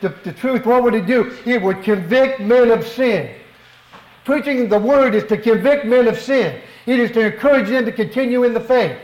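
Fervent high-voiced male preacher. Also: moderate pace, roomy sound, low-quality recording. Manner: fervent, emphatic, rhetorical questions. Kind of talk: sermon. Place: church worship hall.

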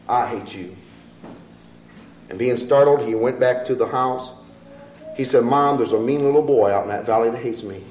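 A man preaching a sermon, swinging from loud, emphatic rises to quiet, low asides. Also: slight background noise. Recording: echoey room with faint ambience.

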